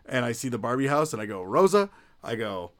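A man's voice: medium pitch, fast talker, a bit bright. A man in his thirties chatting casually as a podcast co-host, rambling through stories with lots of "like" and "you know.". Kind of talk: casual chat.

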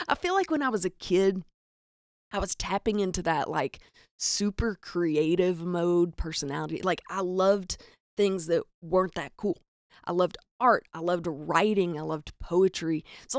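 A woman's voice: lowish voice, no room sound, clean studio sound. A young adult woman with a Southern American accent, telling funny stories in a chatty, self-deprecating way as a podcast host. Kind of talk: comedic storytelling monologue.

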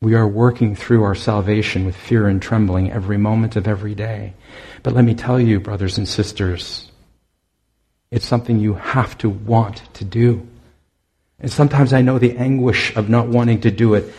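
A man preaching a sermon to his congregation, speaking in an earnest, exhorting way with many pauses. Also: on the low side, steady tone, darkish tone, breathy edge.

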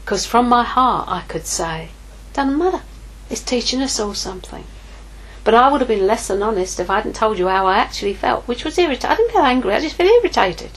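The audio is poor, with slight background noise, as a middle-aged woman preaches informally. She's a ministry leader speaking briskly and animatedly at medium pitch, candidly telling a personal story and acting out her inner dialogue.

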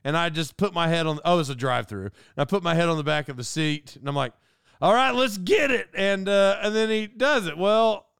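High-pitched and brisk, this middle-aged man's voice is gravelly yet smooth, captured in studio quality with no echo. He hosts a casual podcast monologue as an animated, rambling storyteller who pokes fun at himself.

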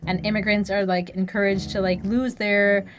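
A woman's voice: medium pitch, level tone, normal speed, slight background noise. Woman chatting with constant "like". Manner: filler-heavy, constant "like". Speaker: album review co-host. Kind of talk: casual review chat.

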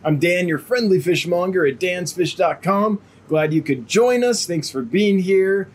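A man's voice: high-pitched, measured pace. A man hosting a casual live stream as a fish seller, talking in a chatty, rambling way with a cough drop in his mouth and a slight lingering cough. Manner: chatty, rambling, with frequent fillers.

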